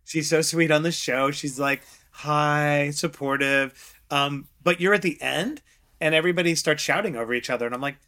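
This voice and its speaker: A middle-aged man, a guest investor, chatting in an interview, telling lively stories and acting out quotes with frequent laughs. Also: a little high, a little fast. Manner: animated storyteller, acts out quotes, laughs often. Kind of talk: casual interview chat.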